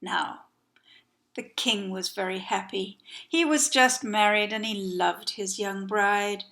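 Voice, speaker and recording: A woman storyteller telling a folktale by heart, expressive, with dramatic hushed whispers. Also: mid-range voice, slow.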